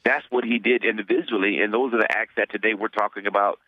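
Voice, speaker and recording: A man's voice: lowish voice, steady tone, fast talker, no room sound, phone-quality sound. A man, a pastor, answering interview questions earnestly, often repeating words as he searches for them.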